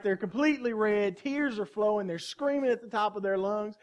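A pastor in his thirties delivers an animated sermon to his flock. His voice sits high for a man, and he keeps checking in with the room through quick call-and-response asides.

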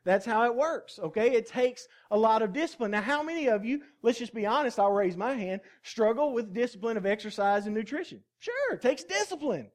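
A man's voice: very high voice, lively intonation, fairly quick, hardly any pauses. A male pastor preaching a sermon in a folksy, joking way, often asking the congregation questions. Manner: folksy, jokey and conversational, asks the congregation questions.

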